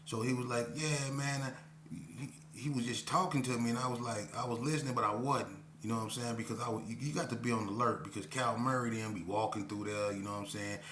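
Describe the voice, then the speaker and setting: A man's voice: mid-range voice, fairly even intonation, fast, fairly bright tone. A man telling a personal story in a casual, slangy way, often saying "you know what I'm saying". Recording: roomy echo, faint hum.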